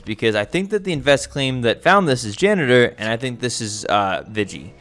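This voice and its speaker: A man's voice: mid-range voice, sing-song, brisk, few pauses, a bit bright. A man giving casual commentary over his own gameplay, thinking aloud with many restarts and fillers. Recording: faint background music.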